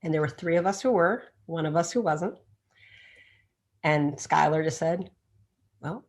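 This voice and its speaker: A middle-aged woman, a chiropractor guest on a podcast interview, telling stories in an animated way and acting out the voices of the people she quotes. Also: sits low, moderate pace, long pauses. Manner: animated storyteller who acts out quoted voices.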